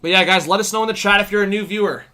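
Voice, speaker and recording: A young man hosting a live hockey stream, calling plays excitedly and chatting casually with viewers. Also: high voice, rapid-fire. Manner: excitable, shouts at big plays, chats with viewers. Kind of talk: hockey play-by-play and chat.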